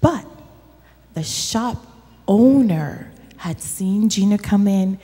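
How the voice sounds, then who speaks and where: Slow, breathy woman telling children a story. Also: medium pitch. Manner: slow and animated, addressing children. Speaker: children's story leader at church. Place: church sanctuary. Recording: reverberant church hall.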